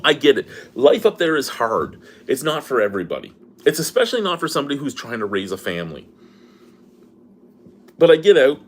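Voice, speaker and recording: A man's voice: medium pitch, wildly swooping pitch, brisk, a little hiss or hum. A middle-aged man in an angry personal rant, swearing and exasperated as he vents. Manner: profane, exasperated, venting. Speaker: beer review vlogger.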